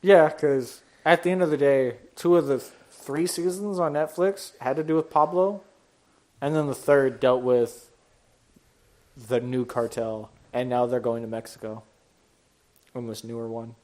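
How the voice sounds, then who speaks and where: A young man co-hosting a podcast in casual chat, animated and acting out movie scenes as he talks. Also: mid-range voice, a little slow. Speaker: podcast co-host.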